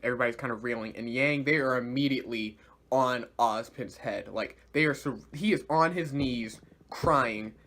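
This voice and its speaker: A man reviewing an episode in a loose, chatty way, animated and full of slang. His voice sits at a middle pitch for a man, and he laughs often as he talks. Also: normal speed. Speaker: series reviewer. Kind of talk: casual video review.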